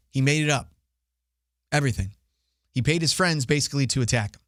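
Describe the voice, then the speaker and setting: A man's voice: mid-range voice, no room sound, studio quality. A young man hosting his own podcast, giving opinionated solo news commentary with many "uh" fillers. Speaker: podcast host.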